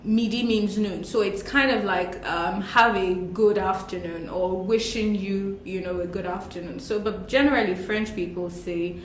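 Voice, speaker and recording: A woman's voice: mid-range voice, moderate pace, hardly any pauses, a little hiss or hum. Chatty woman co-host in an echoey room. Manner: chatty and playful, laughs while explaining. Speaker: co-host of a French lesson. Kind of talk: casual bilingual lesson chat.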